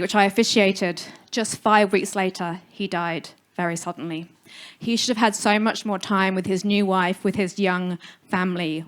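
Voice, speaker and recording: Frank woman giving a talk. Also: mid-range voice. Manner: frank, humorous, direct. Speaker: funeral celebrant. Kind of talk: live stage talk. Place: live music venue stage.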